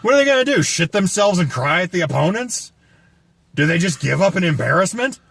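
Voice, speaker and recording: A man rants through a casual movie review, sweary and sarcastic. His voice sits a touch high and leaps around all over the place. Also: big pitch swings, fairly quick, creaky, fairly bright tone, husky. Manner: profane, ranting, sarcastic. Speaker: guest film reviewer.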